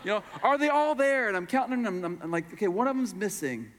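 A man's voice: high-pitched, very animated, fast talker, fairly bright tone. A middle-aged man pastor telling a story in a sermon, acting out the voices of the people in it. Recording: long hall reverb.

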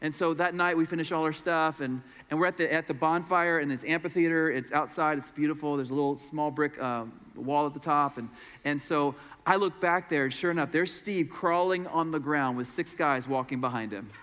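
A man's voice: on the high side, a little fast, fairly bright tone. A middle-aged man pastor telling a story in a sermon, acting out the voices of the people in it. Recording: long hall reverb.

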